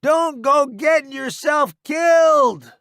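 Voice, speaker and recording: A man's voice: very high voice, big pitch swings, slow pace, vocal fry, bright, forceful tone, no room sound, clean studio sound, voice pushed up, heavily acted. A man voicing a brash, reckless male soldier who hollers and jokes under fire, in an audiobook. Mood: rowdy. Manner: hollering, cocky. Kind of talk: audiobook character voice.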